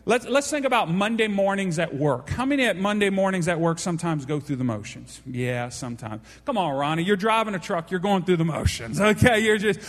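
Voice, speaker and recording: A man's voice: sits high, animated, fairly quick, hardly any pauses. A pastor giving a folksy sermon, joking with his congregation by name. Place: church hall. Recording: long hall reverb.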